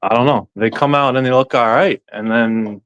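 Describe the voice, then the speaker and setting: A man's voice: medium pitch, moderate pace, a bit bright, smooth, dry recording, lo-fi sound. Loose, profane male caller. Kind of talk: casual call-in chat.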